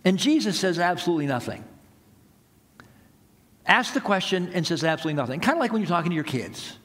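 A man preaching a sermon in a relaxed, conversational way, acting out the voices of people in the stories he tells. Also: high voice, fast talker, in a large hall. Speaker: pastor.

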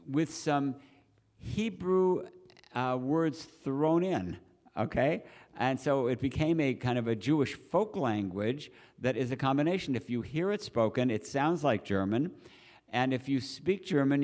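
A man who is a Reform Jew explaining his tradition to a church group in a measured, teacherly way, with pauses and restarts. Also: medium pitch, darkish tone. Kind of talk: explanatory talk with questions. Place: church hall.

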